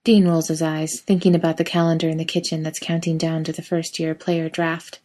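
Brief: woman narrator, low-ish, expressive storybook reading. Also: brisk. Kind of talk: reading fiction aloud.

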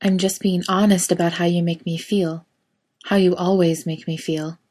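A woman voicing a playfully smug adult man who teases his partner in soft, coaxing murmurs. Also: fairly low pitch, fairly even intonation, normal speed, breathy edge. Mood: coy.

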